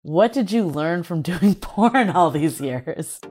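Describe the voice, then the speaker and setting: A woman co-host asking questions in a relaxed, casual interview. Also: fairly low pitch, slow, soft background music. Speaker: podcast co-host.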